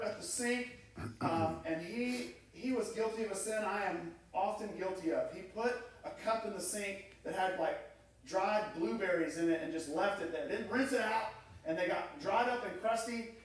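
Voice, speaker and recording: Telling stories and acting out the voices he quotes, a middle-aged man preaches as pastor in a church sanctuary. He speaks with a high pitch at a moderate pace, captured by a distant mic in an echoey room.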